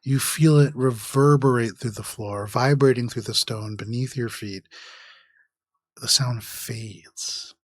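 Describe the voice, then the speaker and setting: A man narrating a tabletop game as game master, setting scenes in a measured, atmospheric way. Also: mid-range voice, darkish tone, dry recording.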